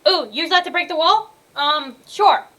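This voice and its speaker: A young woman giving let's-play commentary on a game, excitable, swearing freely and yelling and laughing as she plays. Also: extremely high pitch, a little slow. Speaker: gaming video creator.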